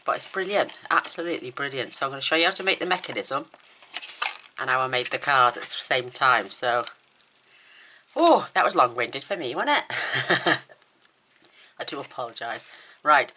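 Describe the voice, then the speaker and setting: A woman's voice: very deep voice, bright, forceful tone, slight background noise. A woman demonstrating a papercraft card in a chatty, enthusiastic, rambling way, with her mouth numb from the dentist. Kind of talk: casual crafting tutorial.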